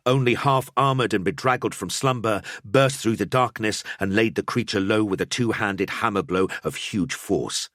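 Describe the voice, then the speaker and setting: Guy narrating an audiobook, lowish voice, really animated, dry close recording. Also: no echo. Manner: dramatic storytelling. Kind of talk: scripted narration.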